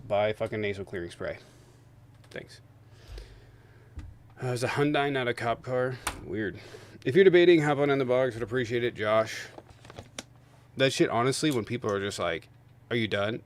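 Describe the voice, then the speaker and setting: Male streamer, mid-pitched, rants with lots of cursing, loud spikes, then chats viewers. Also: slight background noise. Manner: angry, profane ranting; loud bursts while venting. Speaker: livestream host. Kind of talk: heated political debate stream.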